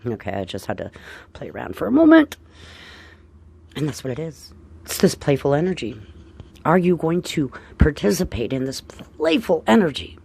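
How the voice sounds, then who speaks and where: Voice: mid-range voice, big pitch swings, moderate pace, creaky, pauses often, darkish tone, husky. An astrologer giving a casual forecast to viewers, chatty and upbeat, often tagging on "right?" and calling listeners dear friends.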